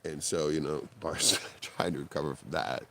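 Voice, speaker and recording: A man's voice: normal speed, gravelly, slight background noise. A man hosting a live stream, telling a story in casual talk, swearing and laughing often as he quotes other people. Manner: animated, jumps in pitch when quoting and laughing. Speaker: livestream host.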